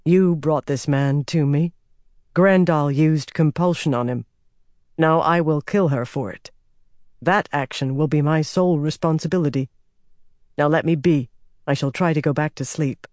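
A man voicing a stern, burdened young male king who speaks in a quiet, measured, grim way. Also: a little high, no echo, clean studio sound, close to an everyday voice.

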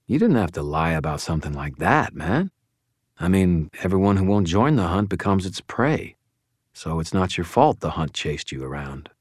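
A man's voice: low-pitched, big pitch swings, normal speed, dry recording, clean studio sound. A man voicing a wry, blunt young male wizard who presses his questions sardonically. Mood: wry, pressing.

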